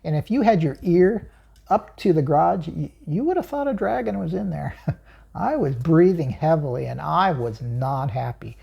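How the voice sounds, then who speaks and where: A woman's voice: low voice, expressive, moderate pace, creaky, breathy edge, muffled recording. A woman hosting her own channel, telling a personal story in an emphatic way, chuckling often and asking herself questions.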